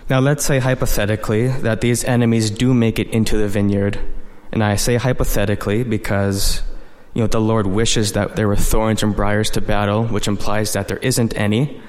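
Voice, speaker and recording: A man's voice: fairly low pitch, a little mellow, long reverb tail. A man preaching a sermon, explaining scripture verse by verse in an earnest manner with frequent "you know".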